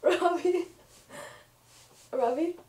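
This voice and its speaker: A woman's voice: very high-pitched, extremely slow, a little mellow. A young woman vlogging with her partner, giggling through her words and apologizing often. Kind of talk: casual couple vlog. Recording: echoey room, mic at a distance.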